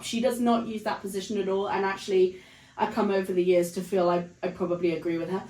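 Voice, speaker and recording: Woman Pilates instructor, mid pitch, calm guiding delivery, echoey studio sound. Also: brisk. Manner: calm counting of breaths while demonstrating. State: breathless, counts fading to breathy whispers during exertion. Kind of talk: guided exercise instruction.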